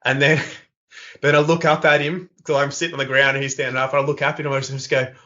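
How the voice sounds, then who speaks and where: A man's voice: medium pitch, little pitch movement, fast talker, pushed and bright. A man, a podcast guest, telling a rambling funny anecdote with lots of fillers and laughter. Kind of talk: casual storytelling in an interview. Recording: slightly lo-fi podcast audio.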